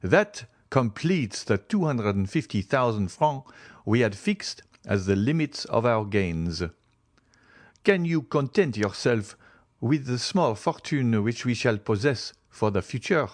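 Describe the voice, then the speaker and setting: A man's voice: mid-range voice, lively intonation, measured pace, no room sound. Earnest young merchant, read by a man, plain and modest, dry sound. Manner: earnest, explaining.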